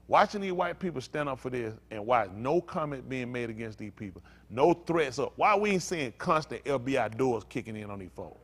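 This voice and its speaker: Man preaching, fiery then weary, higher voice, sermon rant. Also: very animated, normal speed, hardly any pauses. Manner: swings between shouting outrage and weary low muttering. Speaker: pastor.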